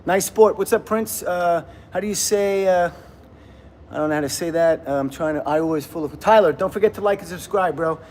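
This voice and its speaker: A man's voice: high voice, a little fast, darkish tone. A man in his fifties chatting casually on a livestream from a gym, rambling and laughing often as he greets viewers. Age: 50s.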